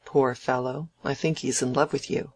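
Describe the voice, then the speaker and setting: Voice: mid-range voice, fairly even intonation, normal speed, no room sound, close to an everyday voice. A reader voicing an idle, proud young man in a novel, talking brashly and emphatically. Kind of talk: audiobook dialogue reading.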